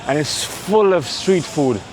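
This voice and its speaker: A man's voice: a little high, animated, slow, a little hiss or hum. A man from Romania recording a casual travel vlog outdoors on city streets, rambling and joking and swearing now and then. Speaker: travel vlogger. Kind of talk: casual walking vlog commentary.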